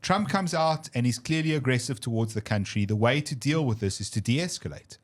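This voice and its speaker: A man co-hosting a political podcast, talking in an animated, emphatic way and often repeating words as he tells stories. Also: medium pitch, fairly quick. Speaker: podcast co-host. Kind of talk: casual political discussion.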